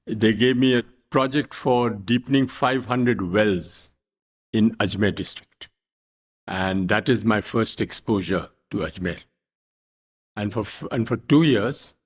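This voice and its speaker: An older man from India, a guest telling wry stories in an unhurried, anecdotal way in an interview. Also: fairly low pitch, breathy edge. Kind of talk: storytelling interview.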